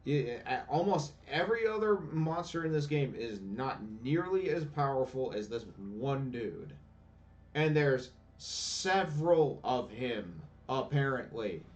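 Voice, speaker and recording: A man's voice: mid-range voice, very animated, a little slow, recorded from a distance, lo-fi sound. Ranting, profane man at a game. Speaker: gameplay commentator. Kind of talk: casual let's-play commentary. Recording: voice a bit off-mic, faint game music.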